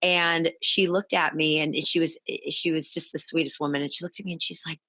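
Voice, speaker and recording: A woman podcast guest in her thirties, speaking candidly in a halting way, often restarting and quoting her past self. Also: low-pitched, fairly even intonation, sharp tone, no room sound. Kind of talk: candid conversational interview.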